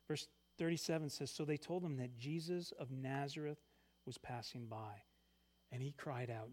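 Guy preaching a sermon, mid pitch, gets loud on the big points then goes real quiet. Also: moderate pace, long pauses. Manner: animated, swings between loud emphasis and quiet asides. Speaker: pastor.

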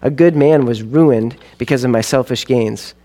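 A man's voice: medium pitch, normal speed, dark tone. A man telling a first-person story as narrator in an earnest, confessional way.

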